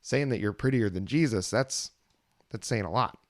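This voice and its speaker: Recorded in a clean studio with no echo, this podcast co-host has a lowish voice and a moderate pace. His casual album review chat is relaxed and meandering, peppered with fillers and false starts.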